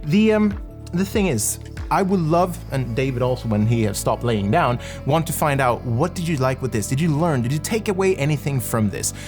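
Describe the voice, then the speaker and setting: Excitable male co-host reacting. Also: medium pitch, normal speed, hardly any pauses, faint music behind. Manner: enthusiastic, laughs often, excitable. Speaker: public speaking analyst, co-host. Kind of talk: video reaction and analysis chat.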